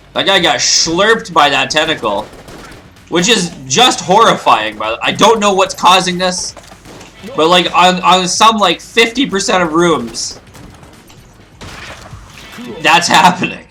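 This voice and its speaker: Excitable gaming host, bright voice, swooping pitch, joking and rambling, faint music underneath. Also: male voice. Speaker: let's play host. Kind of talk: casual gameplay commentary.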